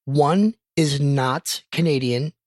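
A man's voice: a little high, slow pace, darkish tone, no echo. A man co-hosting a podcast, running a playful quiz and teasing his co-host in casual chat.

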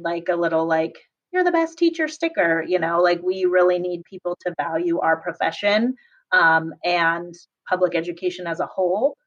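A woman's voice: fairly low pitch, fairly bright tone, highs cut off. A young woman, a public school teacher, answering interview questions casually with lots of fillers and frequent laughter. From Southern California. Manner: chatty, laughs often, many fillers.

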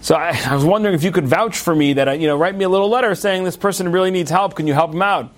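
A man's voice: sits high, rapid-fire. A man telling stories to an audience, acting out the characters' lines. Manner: animated storyteller, acts out characters' lines. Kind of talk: storytelling talk to an audience.

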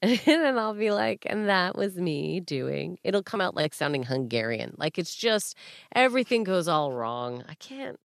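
Woman, podcast host, lively and jokey, lowish voice, dry recording. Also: moderate pace, dry recording. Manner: animated, jokey storytelling with playful voices. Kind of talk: casual chat.

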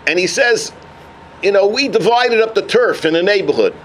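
A man giving a sermon as a rabbi, telling a story with animated energy. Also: sits high, moderate pace, a little hiss or hum. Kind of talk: sermon on the weekly portion.

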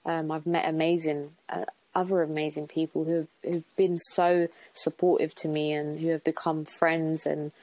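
A woman's voice: sits low, flat delivery, moderate pace, darkish tone, dry recording, low-quality recording. A young woman, a podcast guest, talking openly and from the heart, with lots of fillers and restarts. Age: young adult. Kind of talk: reflective podcast conversation.

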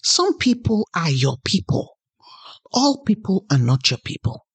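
A woman's voice: mid-range voice, sing-song, unhurried, breathy edge, no room sound. A woman hosting a podcast, giving an earnest motivational talk and telling personal stories. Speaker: podcast host.

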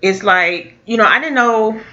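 A woman telling a personal story in a casual, halting way, with many fillers and restarts. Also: mid-range voice, pushed and bright. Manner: halting, full of fillers and restarts, laughs now and then. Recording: dull lo-fi audio.

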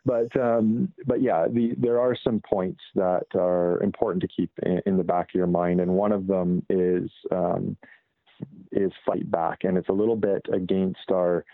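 A lowish male voice comes through a tinny, phone-like line with a dry, close sound. He is a Canadian guest in a casual interview, speaking in a measured way and often pausing on fillers and restarting his sentences. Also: flat delivery, creaky, dry recording. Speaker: guest wildlife expert.

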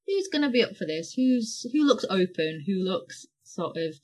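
A woman's voice: medium pitch, normal speed. A woman improv performer chatting as a podcast guest, telling stories with lots of laughter and acted-out voices. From North West England. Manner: animated storyteller, laughs often, acts out voices. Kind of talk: casual interview chat.

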